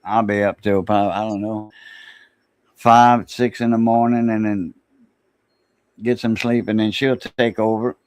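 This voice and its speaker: A man's voice: on the low side, flat delivery, a little slow, long pauses, darkish tone, smooth, dry recording. Cajun man, stream host, laid-back rambling delivery, dry close sound. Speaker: livestream host. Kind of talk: casual livestream chat.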